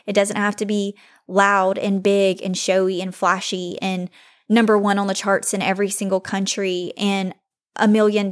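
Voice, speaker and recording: A young woman hosting her own podcast, talking to listeners in an earnest, heartfelt way about faith. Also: mid-range voice. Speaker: podcast host. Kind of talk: solo podcast talk.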